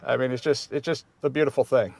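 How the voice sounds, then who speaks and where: A man's voice: mid-range voice, steady tone, fast, vocal fry, background noise. A man in his fifties hosting a casual vlog, talking in an easygoing, rambling way with many restarts. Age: 50s. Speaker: vlog host.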